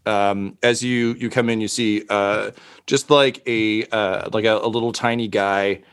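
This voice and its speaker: Rambling game master with a low voice. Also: male voice, level tone, unhurried, a bit bright, clean tone. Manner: rambling with many fillers. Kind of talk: narrating a tabletop game.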